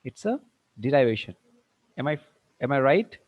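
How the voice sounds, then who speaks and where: A man's voice: mid-range voice, big pitch swings. Male teacher quizzing students. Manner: asks quick questions, mixes in Hindi. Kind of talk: online tutorial quizzing students. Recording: dull lo-fi dry sound.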